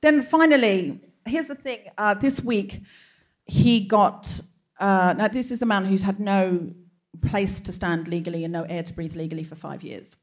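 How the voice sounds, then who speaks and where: A woman's voice: mid-range voice, normal speed. A woman hosting a live comedy show, telling a chatty personal anecdote with wry punchlines, speaking from a theatre stage. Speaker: host.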